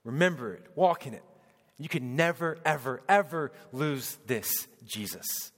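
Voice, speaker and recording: A man preaching a sermon as pastor, swinging between loud proclaiming and hushed, tender speech. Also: mid-range voice, animated, a little slow. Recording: long hall reverb.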